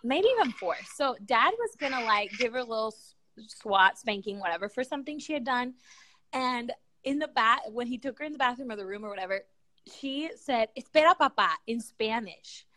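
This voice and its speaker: A young woman chatting casually as a co-host, telling lively family stories and slipping in Spanish words. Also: fairly high pitch, normal speed, no room sound. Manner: animated storyteller, mixing in Spanish words. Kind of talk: casual chat.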